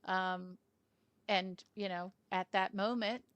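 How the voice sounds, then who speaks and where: A woman's voice: medium pitch, fairly even intonation, slow, fairly bright tone, dry recording. A woman hosting a casual film review chat over a video call, rambling with asides and fillers. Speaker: film club host.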